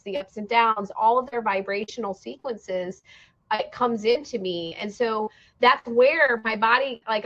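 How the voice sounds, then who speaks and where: A woman's voice: fairly high pitch, a bit bright, lo-fi sound. A woman hosting a podcast, speaking earnestly and reflectively in casual conversation. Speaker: podcast host.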